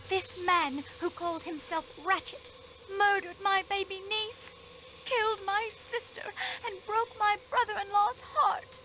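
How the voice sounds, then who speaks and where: An actress playing a guarded, formal young countess in a video game. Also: female voice, extremely high pitch, sharp tone, a little hiss or hum, heavily acted. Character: guarded aristocratic young countess with hidden grief.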